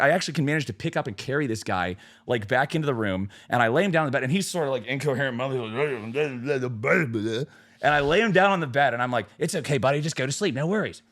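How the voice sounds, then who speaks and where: A young man co-hosting a casual podcast, telling a long story with plenty of swearing and acted-out voices. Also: mid-range voice. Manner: animated storyteller, swears freely, acts out quoted voices. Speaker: podcast co-host.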